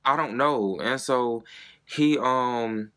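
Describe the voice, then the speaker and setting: A man's voice: medium pitch, takes it slowly, a bit bright, clear, resonant tone. A young man, telling a personal story to camera in a chatty, dramatic way with plenty of swearing. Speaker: vlogger. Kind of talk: casual storytime monologue.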